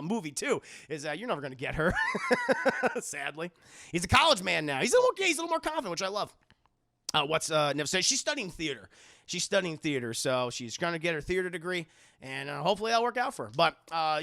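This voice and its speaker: A high, bright male voice with a gravelly edge, chatting through a film review on a live stream. He is animated and swears freely, laughing often as he speaks straight to his viewers. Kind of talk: casual live-stream commentary.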